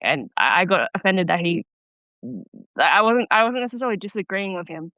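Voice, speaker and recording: A young woman on a call-in show, talking haltingly with lots of restarts and stumbles. Her voice comes through a dull, muffled line. The sound is dry, with no room around it. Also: mid-range voice, expressive, no echo. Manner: halting, many restarts, nervous laughs. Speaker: caller. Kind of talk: call-in advice conversation. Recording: muffled phone-line caller audio.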